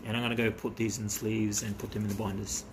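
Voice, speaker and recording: A man talking casually as a vlogger while opening trading cards, excitable and chatty with quick bursts of delight. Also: on the low side, a little hiss or hum. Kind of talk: casual chat.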